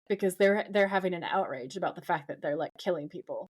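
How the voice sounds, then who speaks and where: A woman's voice: on the low side, fairly quick. Woman casually recapping a show. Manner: animated, reads out scene quotes from her notes. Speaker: podcast co-host.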